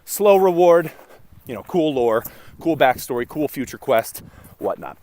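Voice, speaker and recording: A man's voice: a little high, animated, moderate pace. A man, a game master, vlogging outdoors and out of breath, rambling and restarting as he thinks aloud. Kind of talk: casual outdoor vlog to camera. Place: outdoors in open windy country. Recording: faint wind and background noise.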